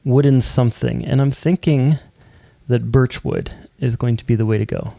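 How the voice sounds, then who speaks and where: A man's voice: mid-range voice, fairly even intonation, moderate pace, vocal fry, mellow, dry recording. A man hosting a building tutorial, talking casually and thinking aloud as he places blocks, often humming or counting under his breath. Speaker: Minecraft building channel host.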